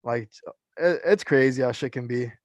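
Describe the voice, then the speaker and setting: A man's voice: mid-range voice, moderate pace, no room sound, dull audio. Young man, personal trainer, casual podcast chat, swears a lot, fillers, dry close sound. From California. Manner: animated storyteller, profane, many fillers.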